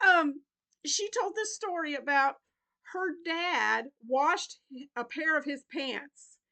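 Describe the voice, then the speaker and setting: A woman's voice: sits high, slow, vocal fry, sharp tone. A middle-aged woman chatting casually while unboxing gifts in a crafting vlog, often breaking into helpless laughter. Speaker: crochet vlogger.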